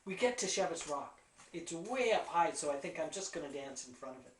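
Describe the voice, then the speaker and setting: Woman storyteller, animated delivery, vocal sound effects, lowish voice, roomy echo, away from the mic. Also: brisk, recorded from a distance, slight background noise. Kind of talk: spoken storytelling.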